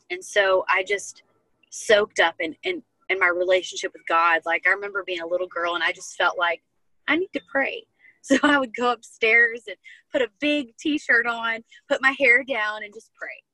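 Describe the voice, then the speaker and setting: A young woman guest relates her personal testimony with heartfelt earnestness and frequent fillers during a casual chat. She speaks at normal speed in a medium-pitched, sharp-toned voice, on a dry, rough recording.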